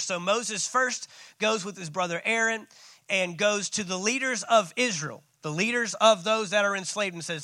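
A man's voice: sits high, moderate pace, sharp tone, no room sound. A man preaching a sermon as pastor, calling out to his congregation. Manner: preaching with call-outs.

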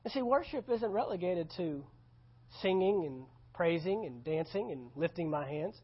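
A man's voice: sits high, lively intonation, moderate pace, breathy edge. A male pastor preaching a sermon at a church service, conversational and emphatic, repeating key phrases. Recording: slightly dull lo-fi recording.

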